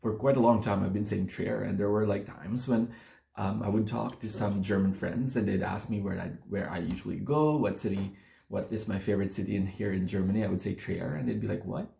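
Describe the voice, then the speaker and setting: Casual vlogger, man, low, warm-toned voice, rambling and correcting himself. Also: steady tone, brisk, creaky, echoey room. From Philippines. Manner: chatty, rambling, self-correcting. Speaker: beer-tasting vlogger. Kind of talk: casual chat to camera. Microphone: phone camera.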